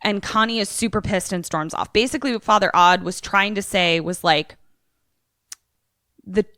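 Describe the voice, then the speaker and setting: Recapping a movie on her podcast, this young adult co-host is a lively storyteller who performs the characters' dialogue in a casual way. She has a mid-range voice. The recording is clean studio audio without echo.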